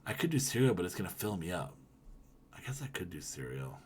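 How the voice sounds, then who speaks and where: A man streaming live, chatting casually with his viewers and reading their comments, rambling and swearing, with loud ranting bursts. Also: deep voice, big pitch swings, fairly quick, slight background noise. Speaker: livestreamer.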